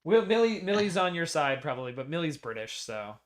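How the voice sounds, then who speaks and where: A man's voice: fairly high pitch, sing-song, fairly quick. American guy streaming, casual chat, bickers and mutters over code. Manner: argumentative, mutters while debugging. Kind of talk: casual livestream chat while coding.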